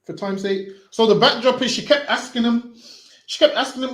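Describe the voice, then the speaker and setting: A man street preaching forcefully, repeating himself and ending phrases with "man". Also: very high-pitched, fairly quick, echoey room.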